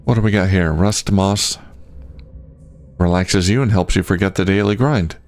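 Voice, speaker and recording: Low-voiced man doing game commentary. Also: normal speed, darkish tone. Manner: casual, thinking aloud. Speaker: gaming channel host. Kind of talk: let's play commentary.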